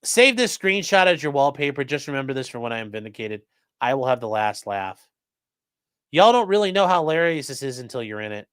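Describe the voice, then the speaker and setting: Sarcastic man with a lively voice. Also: mid-range voice, fairly quick, smooth, no echo, clean studio sound. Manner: mocking, sarcastic, swears often. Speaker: commentary streamer reading chat. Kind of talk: casual live-stream commentary.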